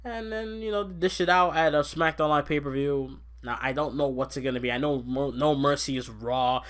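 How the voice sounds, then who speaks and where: A young man hosting a casual podcast, rambling excitably about wrestling and laughing often. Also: fairly high pitch, moderate pace. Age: young adult. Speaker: podcast host. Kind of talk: casual wrestling recap chat.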